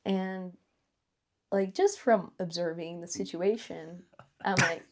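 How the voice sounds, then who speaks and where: A woman's voice: fairly low pitch, slow, dark tone. A woman co-hosting a podcast, telling a work story in a rambling, laughing way with lots of fillers. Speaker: podcast co-host. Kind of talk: casual storytelling chat.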